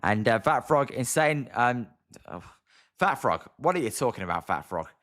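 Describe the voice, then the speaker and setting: British male streamer, excitable play-by-play, mid-range voice, grumbles at his team, chats with viewers. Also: medium pitch, normal speed. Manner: exasperated, chatty, reads viewer comments aloud. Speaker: live-stream sports commentator. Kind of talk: casual play-by-play watch-along.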